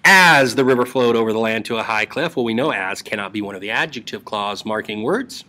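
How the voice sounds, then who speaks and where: A man's voice: on the low side, animated, a little fast, bright, forceful tone. A male English teacher giving a casual, joking lesson to students over a screen recording. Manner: playful and jokey, talking to students.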